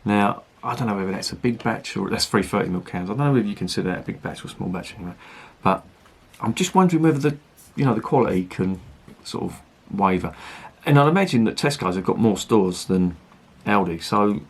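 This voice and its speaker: Husky, low-voiced beer reviewer. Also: male voice, animated, a little fast, few pauses. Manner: rambling, chatty and sweary. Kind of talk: casual review chat.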